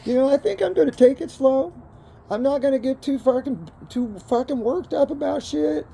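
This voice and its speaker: An older man talks in a mellow, warm voice. He rambles along casually and swears a lot, calling the viewer bro and man. He is recording outdoors, sitting by a fire. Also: extremely high pitch, moderate pace, vocal fry, a little hiss or hum. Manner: profane, rambling, keeps saying bro and man. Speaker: vlogger.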